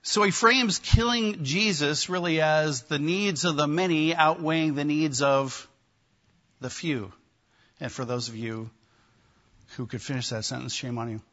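A man preaching a sermon, emphatic and animated, with wry asides to his listeners. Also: on the high side, measured pace, muffled recording. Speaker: pastor.

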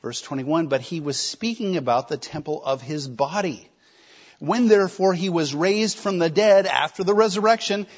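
A man preaching a sermon, emphatic, with rhetorical questions and shifting loudness. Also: high voice. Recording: slightly dull lo-fi recording.

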